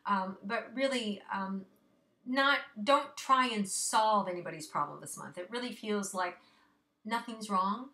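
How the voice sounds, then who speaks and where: Woman host with a bright, clear voice, casual and encouraging, a little out of breath, speaking to viewers directly. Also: medium pitch, measured pace. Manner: chatty, reassuring, many fillers. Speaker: astrology forecaster. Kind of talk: casual monthly astrology forecast.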